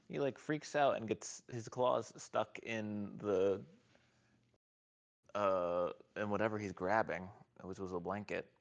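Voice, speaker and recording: A man streaming live, chatting casually and rambling, sometimes cooing at his pet in a raised voice. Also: lowish voice. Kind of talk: casual livestream chat.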